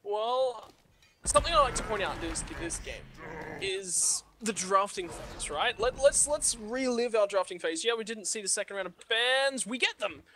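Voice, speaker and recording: A man's voice: high-pitched, lively intonation, moderate pace, pushed and bright, slight background noise. A young man with a British accent casting an esports match in a playful, theatrical announcer manner. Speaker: esports caster. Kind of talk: esports commentary.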